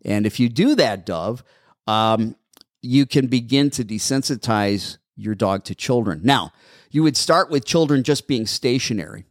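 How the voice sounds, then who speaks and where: A man who trains dogs answers listener questions on an advice show, explaining steps patiently and repeating them, his voice a little hoarse. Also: mid-range voice, animated, measured pace, no room sound, studio quality. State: slightly hoarse.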